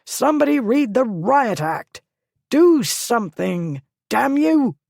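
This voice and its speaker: A woman doing a shrill, panicking gentleman. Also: big pitch swings, slow, creaky, no echo, studio quality, heavily acted. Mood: panicked. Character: panicking pompous gentleman, man, middle-aged.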